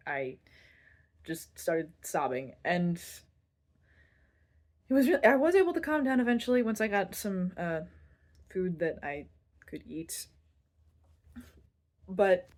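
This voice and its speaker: A young woman vlogger telling a personal story in a candid, self-deprecating way, rambling a little and restarting her sentences. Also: medium pitch.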